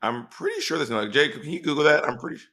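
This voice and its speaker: A man co-hosting a podcast in casual chat, teasing his co-host with sarcastic, deadpan asides. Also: fairly high pitch, fast talker.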